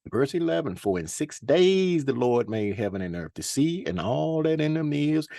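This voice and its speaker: A husky-voiced man gives an informal Bible study sermon. He reads scripture slowly and emphatically, then drops into casual asides and rhetorical questions, his pitch swinging up and down. It is recorded close and dry, with no room sound. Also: darkish tone, no room sound. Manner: conversational with rhetorical questions and drawn-out hums. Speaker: Bible teacher.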